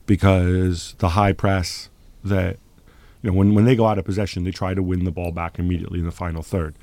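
A man's voice: sits low, level tone, a little fast, a little mellow, no room sound. A man hosting a football podcast in a studio, playing devil's advocate with a dry, sarcastic edge. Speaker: podcast host.

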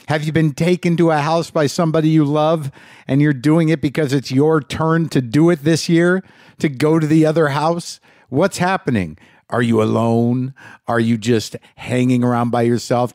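A man's voice: on the high side, darkish tone, no echo, clean studio sound. Rambling, profane man hosting a podcast. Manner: rambling, rapid-fire questions, profane. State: punchy and short on sleep. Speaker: podcast host. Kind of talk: casual monologue.

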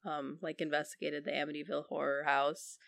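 Lively woman co-host, dry close sound. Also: low-pitched, a little fast, gravelly, dry recording. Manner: animated storytelling with acted-out quotes. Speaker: podcast co-host. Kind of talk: casual chat.

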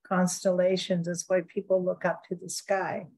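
A woman co-hosting a radio talk show, speaking slowly and reflectively about life. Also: fairly low pitch, flat delivery, a little mellow. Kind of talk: casual radio chat.

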